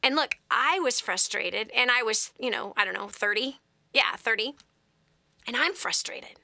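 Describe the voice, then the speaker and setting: Woman host in her forties, high and bright, dry close sound; animated storyteller who drops to whispers. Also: a little slow, creaky, no echo. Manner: animated storyteller, dramatic swings to hushed whispers. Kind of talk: call-in advice talk.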